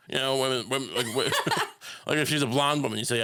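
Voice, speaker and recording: Bright-voiced deadpan male podcast host. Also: medium pitch, fast. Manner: deadpan absurd rambling with frequent restarts. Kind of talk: casual comedic podcast banter.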